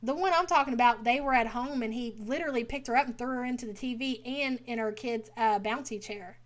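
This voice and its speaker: A woman's voice: on the high side, fast. A woman hosting a reaction channel, giving blunt, exasperated casual commentary.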